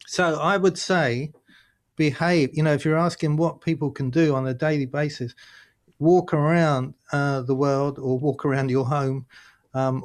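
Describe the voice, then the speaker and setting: A man, a guest in a casual interview, talking in an animated storytelling way and laughing often. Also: fairly high pitch. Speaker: guest, workshop leader.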